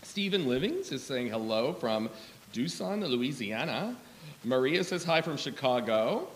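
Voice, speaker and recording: A man producing a podcast, reading listener comments aloud in a relaxed, casual way. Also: mid-range voice, unhurried, slight background noise. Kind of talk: casual chat.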